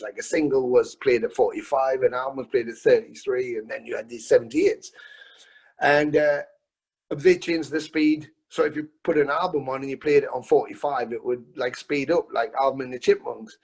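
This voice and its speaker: A musician in his fifties, appearing as a guest on a video call interview, tells stories in a lively, casual manner, swearing freely and frequently restarting sentences. His voice is mid-range and husky, at a moderate pace.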